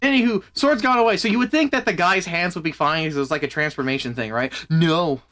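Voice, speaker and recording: A man streaming and chatting casually, in an animated, exasperated way with plenty of swearing. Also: a little high, fast, faint music behind. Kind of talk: casual chat.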